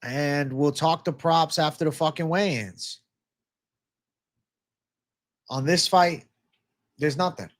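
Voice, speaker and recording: A man's voice: a little high, slow, long pauses, no echo, studio quality. A man hosting a live-streamed MMA betting show, ranting with profanity to his chat about fight props. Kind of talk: live-stream prop picks talk.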